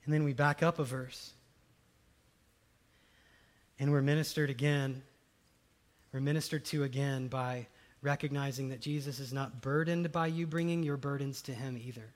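A male pastor preaching a conversational sermon, swinging between loud emphatic lines and soft hushed ones. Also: medium pitch, fairly even intonation, moderate pace, pauses often.

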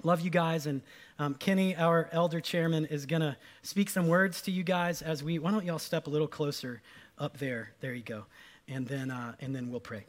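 A pastor leading a church service, talking to the congregation in a relaxed, informal way. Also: male voice, a little high.

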